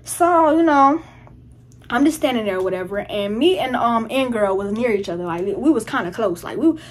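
A teenage girl telling a story in casual chat, animated and full of profanity and slang. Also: fairly high pitch, normal speed, a little hiss or hum. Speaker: vlogger.

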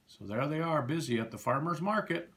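A man reading a children's picture book aloud in an animated, sing-song storytelling manner. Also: a little high, a little fast, a little hiss or hum.

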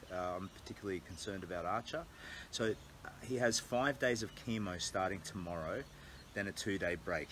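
Low-voiced Australian man on a livestream. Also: a bit bright, a little hiss or hum, rough recording. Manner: candid, rambling, earnest. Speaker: charity walker livestreaming. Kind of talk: casual livestream vlog. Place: small cabin indoors. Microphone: earbud mic, then phone mic.

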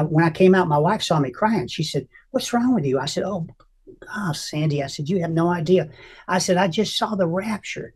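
A man's voice: high voice, a little mellow, husky. An older man, a guest in an interview, earnestly telling a personal faith testimony and acting out the lines he quotes. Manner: emotional, earnest storyteller who acts out quotes.

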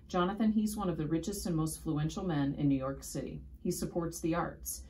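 A woman's voice: deep voice, a little fast, dark tone, a little hiss or hum. A woman reading a storybook aloud, voicing an enthusiastic, kindly male music teacher who chirps with eager encouragement.

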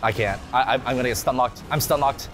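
A man playing a video game and commentating, who yells, swears and curses at the game a lot. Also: mid-range voice, quick pace, soft background music. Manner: loud excitable yelling and swearing at the game. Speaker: gameplay commentator. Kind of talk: let's play banter.

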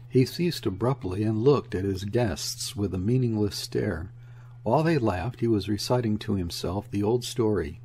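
Low, mellow male audiobook narrator. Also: moderate pace, a little hiss or hum. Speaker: audiobook reader. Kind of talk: audiobook narration of a classic novel.

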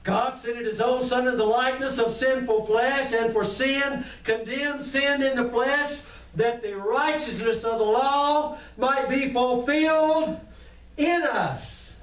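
A man with a very high voice preaches a fervent sermon and calls straight out to his congregation. The sound is roomy and echoey, picked up from a distance in a church. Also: slow, a bit bright. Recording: echoey room, mic at a distance.

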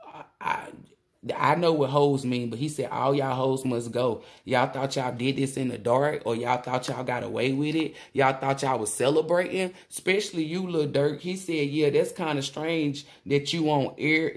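Profane, excitable woman tarot reader. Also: extremely low pitch, normal speed. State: shaky with excitement. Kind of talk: casual tarot reading monologue.

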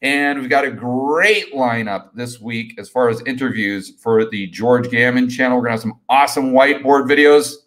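A middle-aged man hosting a casual live stream Q&A, talking with energetic, rambling enthusiasm and repeating his words. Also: mid-range voice, moderate pace, few pauses. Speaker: host.

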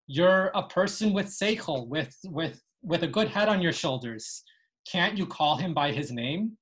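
A woman's voice: sits low, expressive, normal speed. Woman lecturing in a webinar. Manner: explanatory, with frequent ums and translations. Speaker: Yiddish dialect teacher.

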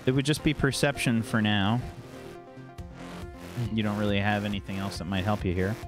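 A man narrating as game master, halting often with fillers. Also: lowish voice, music in the background.

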